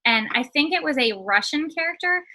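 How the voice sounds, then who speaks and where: A woman co-hosting a podcast, telling relaxed stories in casual chat. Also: high-pitched, a little fast, poor audio. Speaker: podcast co-host.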